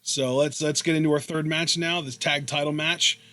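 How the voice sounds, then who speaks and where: A man's voice: fairly high pitch, steady tone, normal speed, pushed and bright, dry recording. A young man hosting a podcast in casual chat, rambling through long questions. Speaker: podcast host.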